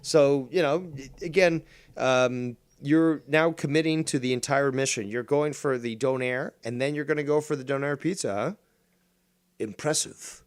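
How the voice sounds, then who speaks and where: A man's voice: medium pitch, normal speed, smooth. Profane teasing man hosting a game stream. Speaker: streamer host. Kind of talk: casual gaming stream chat.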